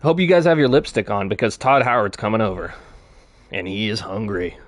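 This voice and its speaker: A man's voice: on the low side, fairly quick. Rambling, swearing male streamer. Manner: rambling, swears freely, ranting. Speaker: live streamer. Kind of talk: casual live-stream chat.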